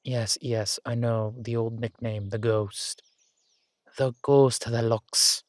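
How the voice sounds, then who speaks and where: Man putting on an Irish accent, older uncle figure, retired safecracker, teasing and sly, unhurried, dry close sound. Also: mid-range voice, level tone, dry recording, close to an everyday voice. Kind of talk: audio drama acting.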